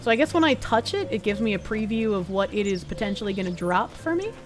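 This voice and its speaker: A woman's voice: mid-range voice, expressive, fast talker, poor audio. A woman streamer giving casual commentary while she plays, chatting to the game's characters and swearing casually. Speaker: game streamer. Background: game music.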